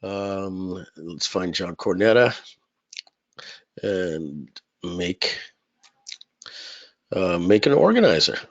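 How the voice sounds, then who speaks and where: A man's voice: low-pitched, animated, extremely slow, pauses often, dull audio. A man hosting a live webinar in a casual, rambling way, with many "uh" fillers, talking into a computer mic. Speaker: webinar host.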